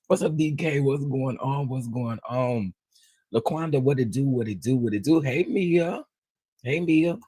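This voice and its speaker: Man, livestream host, AAVE speech, husky, dry close sound, playful chat. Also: mid-range voice, measured pace, dry recording. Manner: animated, greets viewers one by one, playful.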